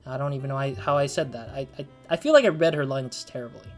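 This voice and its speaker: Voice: medium pitch, lively intonation, fast talker, hardly any pauses, faint music behind. A let's play host commenting on a detective game and reading its text aloud, rambling and apologetic, with many restarts.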